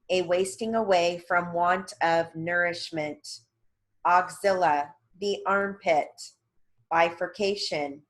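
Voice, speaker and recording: A woman with a fairly low voice reads dictation practice for court reporters. She speaks slowly, in a measured and deliberate way, and enunciates each term clearly. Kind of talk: steno dictation practice reading.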